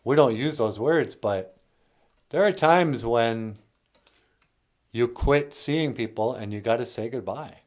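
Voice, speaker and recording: A man's voice: medium pitch, slow, pauses often, darkish tone. A man hosting a casual, jokey language lesson, talking plainly with playful asides. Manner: playful, jokey, slips between plain talk and silly bits. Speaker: language teacher and show host.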